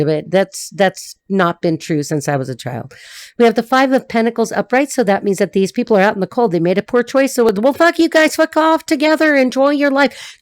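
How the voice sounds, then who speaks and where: A woman's voice: medium pitch, dry recording. A woman giving a casual tarot reading to camera, blunt and profane, laughing often, her voice cracking a little. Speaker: tarot reader and life coach.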